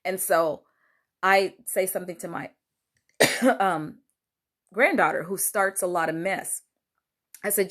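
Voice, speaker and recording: A woman's voice: slow pace, pauses often. Grandmother talking through a family fight, chatty, lots of ums, voice jumps up when she quotes people. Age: older. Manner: animated, acts out quoted lines with rising pitch, many fillers. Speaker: host sharing a personal story. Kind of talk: casual storytelling monologue.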